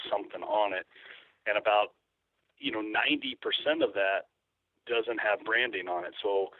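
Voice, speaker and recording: A man's voice: fairly low pitch, no echo. A man with a Kentucky accent, a guest describing his work in an easygoing, rambling way. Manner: easygoing, rambling with frequent ums. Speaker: guest, turkey call maker. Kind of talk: casual interview talk. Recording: tinny dry phone line.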